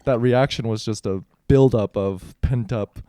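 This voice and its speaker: A man's voice: mid-range voice, unhurried, dry recording, studio quality. A man co-hosting a podcast, reacting supportively and talking things through casually. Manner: supportive listener, expressive reactions. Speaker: podcast co-host.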